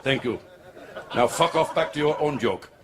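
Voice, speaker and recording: A man's voice: on the high side, lively intonation, a little fast, close to an everyday voice. A man doing a bossy army sergeant major. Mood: commanding. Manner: commanding and brusque. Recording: comedy club with crowd noise.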